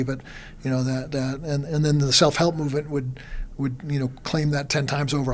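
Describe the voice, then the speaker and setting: A man hosting an interview, reflective, often repeating words and clearing his throat. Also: on the high side, steady tone, a little fast, few pauses, slight background noise. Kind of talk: conversational interview.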